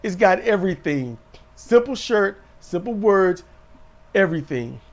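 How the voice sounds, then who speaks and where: A man with a high, light voice talks over a wrestling show with his co-host. He retells each moment with lively energy and jumps into quick impressions of the wrestlers. He is relaxed and chatty, with the easy style of a fan podcast. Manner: animated storytelling, mimics wrestlers in quotes. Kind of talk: casual wrestling recap chat.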